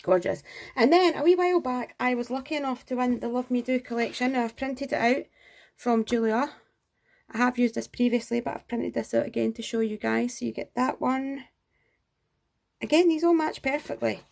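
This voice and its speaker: Gushing woman with a gravelly edge. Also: a little high, normal speed, a little mellow. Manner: gushing and enthusiastic, frequent exclamations. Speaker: craft vlogger. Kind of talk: casual show-and-tell review.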